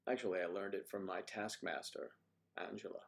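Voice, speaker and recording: An older man hosting a livestream, chatting casually and rambling, thinking aloud with frequent pauses. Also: low-pitched. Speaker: livestream host.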